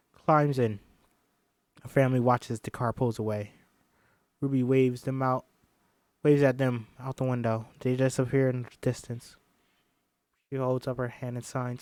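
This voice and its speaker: A man's voice: medium pitch, no room sound. A man reading a film script aloud on a stream, emotional and swearing casually between lines. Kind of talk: script read-aloud with commentary.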